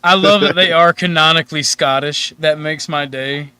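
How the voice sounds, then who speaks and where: A man in a casual online panel chat, laughing as he tells animated anecdotes. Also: fairly high pitch, moderate pace, a crowd in the background. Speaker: panel guest.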